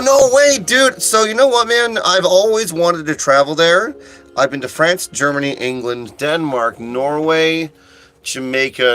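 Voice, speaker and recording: A chatty man live-streams to his viewers, his voice bright and forward. He reacts to chat with loud, eager outbursts and trips over his restarts, while faint, mellow music plays behind him. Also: medium pitch. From United States. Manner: chatty and excitable, answering chat with loud exclamations, frequent restarts. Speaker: audiobook narrator live-streaming. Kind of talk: casual livestream chat with viewers. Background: faint chill music he put on.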